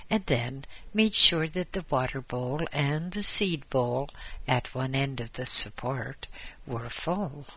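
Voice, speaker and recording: Slow, bright audiobook reader. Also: mid-range voice, no room sound, low-quality recording. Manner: slow, deliberate reading. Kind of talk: audiobook narration.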